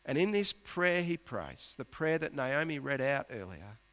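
A man's voice: medium pitch, sing-song, measured pace, fairly bright tone. A man preaching a sermon as pastor, earnest, climbing to emphatic peaks and sinking to near-whispers.

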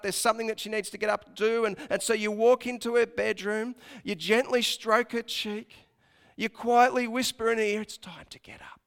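A man preaching a sermon to a congregation, telling a story with hushed dips and sudden dramatic lifts. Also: high-pitched, clean tone. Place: church hall with congregation. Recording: long reverb of a large hall.

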